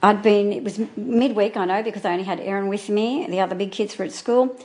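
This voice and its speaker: A woman being interviewed, recalling events from years ago in halting, earnest speech that often restarts mid-sentence. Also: medium pitch, a little mellow. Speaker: interviewee, former neighbour and friend. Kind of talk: recounting memories in an interview.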